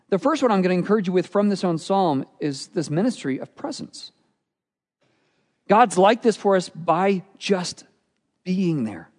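A pastor preaching a sermon with earnest, expressive delivery, often dropping to a quiet, intense tone. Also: male voice, high-pitched. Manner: earnest, expressive preaching with dramatic drops in volume. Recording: long hall reverb.

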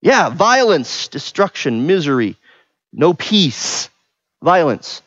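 A middle-aged man in a slightly high register teaching a sermon, who keeps checking in with his listeners through quick questions. The sound is dry and a little dull, like a lo-fi recording. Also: sing-song, fairly bright tone, no echo. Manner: conversational, asks the room questions, frequent "right?". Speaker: pastor.

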